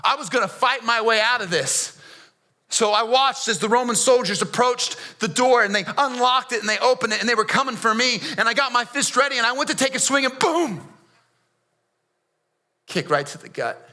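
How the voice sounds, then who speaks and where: The preacher's prisoner voice is very high, pushed, bright and exaggerated, expressive at a normal speed. It's a dramatic monologue in church: a defiant streetwise convict confides his story in first person, tossing in casual slang.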